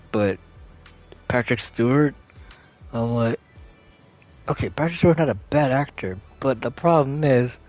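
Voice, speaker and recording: A man's voice: mid-range voice, a little mellow. A young man chatting casually as a channel host, rambling with lots of fillers and self-corrections. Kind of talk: casual chat.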